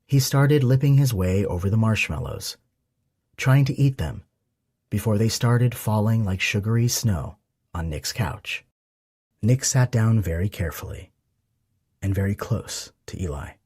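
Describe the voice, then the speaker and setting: A man narrating an audiobook romance in a soft, intimate reading. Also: fairly low pitch, unhurried, breathy edge, dry recording, studio quality. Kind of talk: scripted narration.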